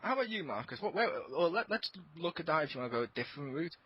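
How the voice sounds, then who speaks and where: A man co-hosting a casual gaming podcast, telling animated stories and swearing freely. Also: a little high, very fast, slightly rough, dull audio. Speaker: podcast co-host. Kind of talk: casual group chat.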